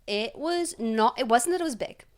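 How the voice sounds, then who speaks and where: A woman's voice: on the high side, lively intonation, moderate pace. Young woman, podcast co-host, casual chat, rambling, filler-heavy.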